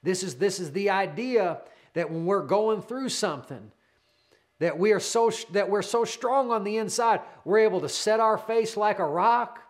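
A man delivering a sermon in a notably high voice, fervent and animated. He hammers his key lines again and again and speaks straight to the listener as a friend, rushing ahead when his excitement builds. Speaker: preacher.

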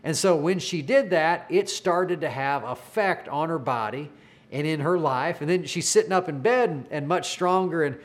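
Male preacher, slightly high voice, earnest storytelling sermon with stumbling repeats. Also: moderate pace.

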